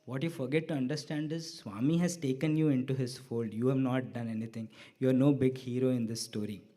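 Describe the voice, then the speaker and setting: A middle-aged man with a voice of middle pitch tells a personal story to an audience in a hall. He acts out his own remarks and the replies of others, often dropping low and soft for the quoted replies. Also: brisk. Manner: quoting himself and others with lively voice shifts. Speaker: speaker sharing a devotional story.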